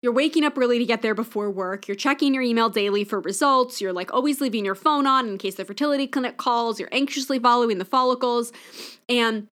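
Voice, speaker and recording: A woman's voice: on the high side, fast, fairly bright tone. A woman hosting a podcast, speaking candidly and emotionally in a reflective personal monologue. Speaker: podcast host.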